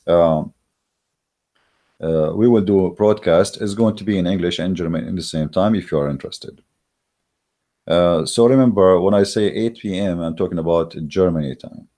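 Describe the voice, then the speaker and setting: Low, mellow-voiced man ranting emphatically. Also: normal speed. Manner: emphatic and mocking, with frequent hesitations. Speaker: channel host. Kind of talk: religious debate monologue. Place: Germany.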